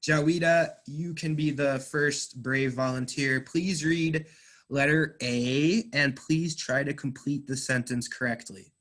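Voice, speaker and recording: A man teaching English, explaining slowly and patiently, stressing words. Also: on the high side, steady tone, fairly bright tone. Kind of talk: online class teaching.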